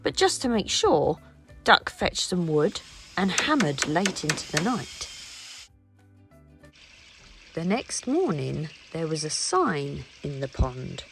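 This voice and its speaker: A woman reads a children's picture book aloud at an unhurried pace. Her voice rises and falls with a slightly gravelly texture, and soft music plays underneath. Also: low voice. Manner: slow, expressive storytelling. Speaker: storybook reader.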